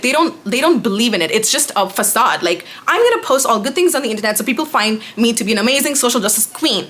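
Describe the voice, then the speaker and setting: A young woman vlogger telling a storytime rant, animated and sarcastic, with lots of fillers. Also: fairly high pitch. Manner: animated, exasperated, sarcastic, talks fast with lots of 'like'.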